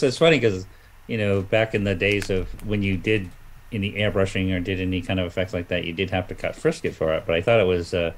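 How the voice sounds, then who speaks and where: A man's voice: low voice, rough recording. A man talking as a guest comic artist in a casual chat, rambling through memories with lots of fillers and restarts.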